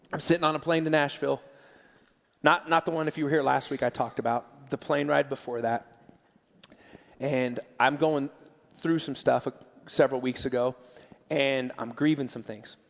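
A man preaching a sermon, earnest and emotional, his voice dropping soft and then rising loud. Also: mid-range voice. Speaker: pastor. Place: large church hall. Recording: long church hall reverb with soft music. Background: soft band music.

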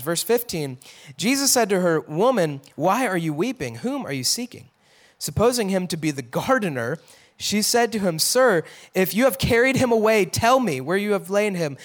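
A man teaching a Bible passage in a casual, conversational way, acting out the quotes with a raised voice and dropping to a hush for emphasis. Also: high voice.

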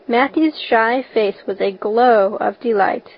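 A woman reading a story aloud as narrator, in a steady, even storytelling manner. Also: on the high side, slow, hardly any pauses. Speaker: audiobook narrator. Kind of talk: scripted narration. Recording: dull lo-fi recording.

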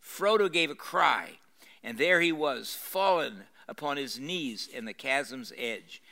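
An older man, a pastor, reads a novel aloud to a live audience in a university room, pausing to explain with dramatic emphasis and frequent fillers and restarts. His medium-pitched voice is gravelly and sharp, with lively intonation, and he takes it slowly.

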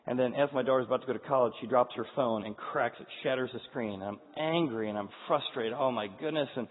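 A husky-voiced man in his forties tells an earnest personal story to an audience, often restarting his sentences. The sound is thin and phone-like. It rings with the long reverb of a big hall. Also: mid-range voice, fast. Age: 40s. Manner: earnest and candid, with frequent restarts. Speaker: speaker addressing an audience. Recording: tinny, echoey hall sound.

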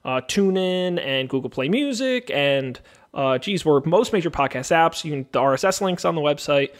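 A man hosts a casual podcast, his voice sitting a little high for a man. He chats and jokes easily, then moves smoothly into the plugs and sign-off. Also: lively intonation, normal speed. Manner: chatty, joking, runs show plugs. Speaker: podcast host.

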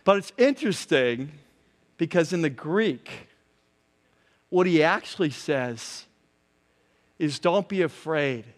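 A man preaching a sermon as pastor, telling the story in an animated way and laughing along as he goes. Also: fairly high pitch, slow, long pauses, in a large hall.

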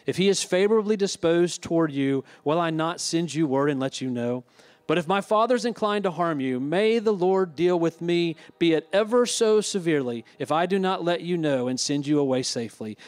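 Male pastor, fairly high voice, preaching a sermon that mixes reading with plain retelling. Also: moderate pace, smooth. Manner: retells scripture with asides.

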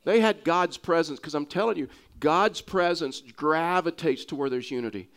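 A man preaching with a Texas accent, his voice sitting somewhat high for a man. He talks earnestly and keeps circling back, repeating and restarting phrases to drive a point home. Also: moderate pace, a bit bright. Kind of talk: sermon.

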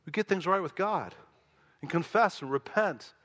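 A man preaching a sermon, telling an animated story and dropping quiet for prayer. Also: high voice, normal speed. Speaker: pastor. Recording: long hall reverb.

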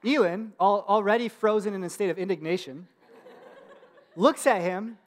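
A man's voice: high voice, normal speed. A man in his thirties preaching a sermon in a conversational storytelling way, with casual fillers and laughs. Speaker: pastor.

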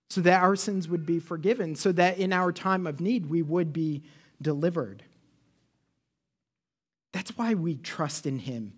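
High-voiced man preaching a lively sermon. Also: husky. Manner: animated, acts out quotes, asks the congregation questions. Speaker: pastor.

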